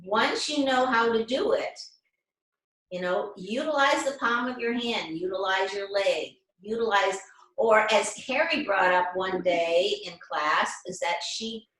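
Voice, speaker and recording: A woman leads an online class over a video call, explaining each step gently and checking in with her students. Her voice sits at an ordinary middle pitch. The room around her adds a clear echo. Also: takes it slowly. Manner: gentle, guiding explanations with frequent check-ins. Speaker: class instructor.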